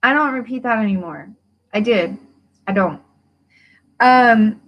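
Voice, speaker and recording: A woman hosting a casual livestream, chatting with viewers and reading a workbook aloud with lively emphasis, laughing and swearing freely. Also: on the high side, measured pace, long pauses. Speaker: host of a money-mindset livestream.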